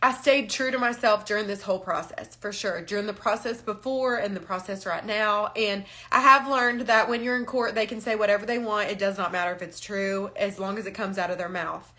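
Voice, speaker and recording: A woman's voice: mid-range voice, fairly even intonation, a little fast, few pauses, pushed and bright. A woman talking candidly on a live stream, frank and emotional, holding back tears. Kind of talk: casual live-stream talk. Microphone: phone or webcam on a live stream.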